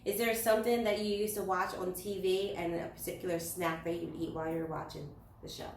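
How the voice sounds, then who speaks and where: A woman's voice: lowish voice, level tone, a little fast, gravelly. Playful hype woman hosting, roomy echo. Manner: hyped, playful and joking. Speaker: host. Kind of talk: casual interview. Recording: roomy echo, distant mic, faint noise.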